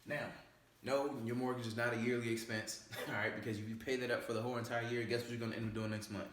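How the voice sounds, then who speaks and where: A man's voice: medium pitch, flat delivery, fast talker, a bit bright. Emphatic man in a very echoey room. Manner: emphatic, repeats "all right?" and "okay?" after each point. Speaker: personal finance presenter. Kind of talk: casual explainer video.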